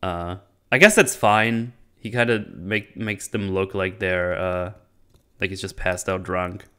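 A man's voice: low-pitched, fairly even intonation, measured pace, pushed and bright, smooth. Chatty man recapping a film. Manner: rambling, laughing, acting out characters' lines. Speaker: channel host reviewing a movie. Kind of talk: casual movie recap and commentary.

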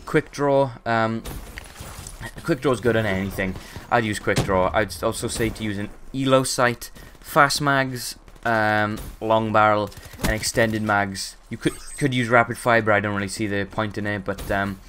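A man's voice: lowish voice, fairly even intonation, moderate pace, a bit bright, a little hiss or hum. A man with a sore throat and hiccups, giving rambling, sweary casual gameplay commentary full of ums.

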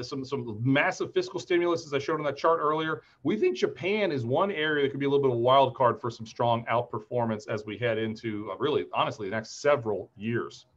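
A man's voice: on the high side, highs cut off. A man in his forties from Ohio, giving a webinar market outlook in a chatty, upbeat way and telling anecdotes between the chart talk. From Ohio, USA. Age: 40s. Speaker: market strategist presenter. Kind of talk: webinar presentation.

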